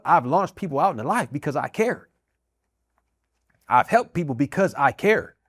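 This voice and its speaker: Sharing his own story on his podcast, a middle-aged American army veteran and minister speaks with earnest emphasis, repeating important phrases. His voice runs on the high side with a fairly bright tone, captured in a dry, clean studio recording.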